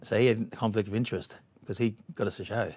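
Australian man, middle-aged, brash storyteller, somewhat low voice. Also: fairly even intonation, quick pace, darkish tone, slightly rough, dry recording. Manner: brash, bawdy anecdotes. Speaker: guest. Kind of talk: storytelling chat.

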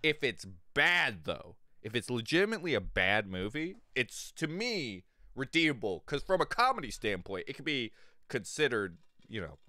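A man streams live at normal speed, his mid-range voice sing-song with a sharp tone on a dry recording. He addresses chat viewers casually, crude and rambling, laughing a lot.

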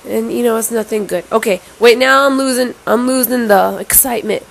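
A woman's voice: a little high, brisk, creaky. A woman vlogging to a handheld camera at home, teasing and laughing as she slides between put-on accents. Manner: playful, keeps sliding between put-on accents; teasing, laughs often, swears. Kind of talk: casual self-filmed monologue. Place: home, moving into a bathroom. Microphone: handheld camera at arm's length.

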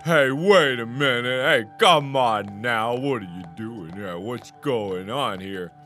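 A man in his thirties hosting a horror game let's play, joking and talking to the game, with sudden loud outbursts. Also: mid-range voice, slow pace, faint music behind. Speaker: gaming channel host.

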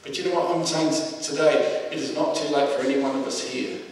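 A man delivers a sermon in a casual, talking style, circling back to his phrases and pausing on fillers. His voice sits a little high. The sound comes from across a church hall, with a long echo and faint background noise. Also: steady tone. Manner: conversational preaching with repeated phrases and fillers. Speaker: preacher. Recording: echoey hall, voice from a distance.

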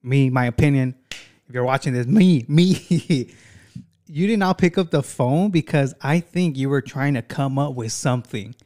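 A man's voice: medium pitch, normal speed, darkish tone. Chatty male reaction host. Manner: chatty, rhetorical questions, laughing asides. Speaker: commentary host. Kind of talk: casual reaction commentary.

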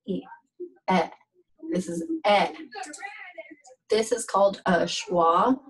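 Slow, halting woman teaching pronunciation. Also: mid-range voice, rough recording. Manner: slow, halting, with many fillers. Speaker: language teacher. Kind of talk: casual language lesson.

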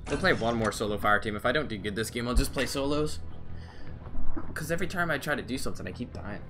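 A young man live-streaming a mobile game, chatting casually with slang and quick exclamations while reading his viewers' chat. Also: medium pitch, expressive, music in the background. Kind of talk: live mobile gameplay commentary.

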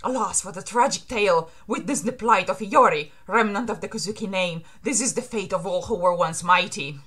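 A woman's voice: mid-range voice, normal speed, a bit bright, slightly rough. A woman reading aloud as a scheming, cowardly male shogun villain from a comic she is reacting to. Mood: gloating. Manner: pleading then screaming in panic.

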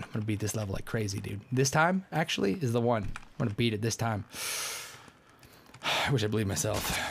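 A young man commentating a game, joking around and yelling when things go wrong. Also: fairly low pitch, creaky, background noise. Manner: joking, excitable, yells at the game. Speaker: gameplay commentator. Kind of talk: let's-play commentary.

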